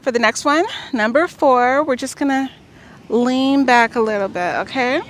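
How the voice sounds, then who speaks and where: A woman vlogger with a high voice leads a casual beginner yoga routine on a beach, speaking at a normal speed over slight background noise. She's chatty and encouraging and keeps checking in with "okay?"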